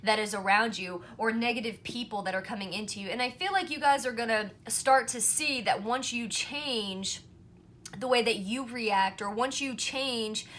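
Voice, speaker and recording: A woman's voice: on the high side, normal speed, fairly bright tone, a little hiss or hum. A woman doing a casual pick-a-card tarot reading to camera, chatty and reassuring, often checking in with "right?" and "you know". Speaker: tarot reader.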